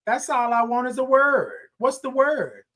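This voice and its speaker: High-pitched guy hosting a morning live stream, hyped and chatty, reading comments and repeating himself. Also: unhurried, fairly bright tone. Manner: upbeat, repetitive, call-and-response, frequent laughs. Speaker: host of a morning livestream show. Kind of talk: casual livestream talk, reading viewer comments.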